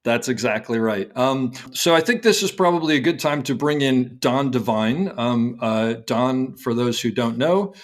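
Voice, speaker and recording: A man's voice: medium pitch, lively intonation, moderate pace, hardly any pauses. A man hosting a podcast, a camera operator who chats eagerly and laughs often. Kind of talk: casual podcast chat.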